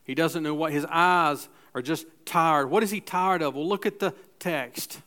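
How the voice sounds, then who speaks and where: Conversational male preacher, slightly high voice. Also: measured pace, fairly bright tone. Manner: conversational preaching with restarts and acted asides. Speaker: pastor. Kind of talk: sermon. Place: church.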